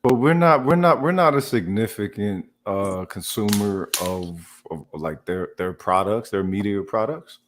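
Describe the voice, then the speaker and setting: A man in a casual discussion who speaks in a measured way. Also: on the low side, animated, slight background noise.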